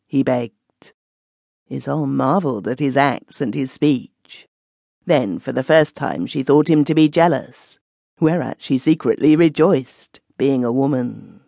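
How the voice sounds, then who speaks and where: A woman narrating an old legend in measured, archaic storytelling. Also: extremely low pitch, creaky, dark tone, dry recording. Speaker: audiobook narrator. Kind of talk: scripted narration.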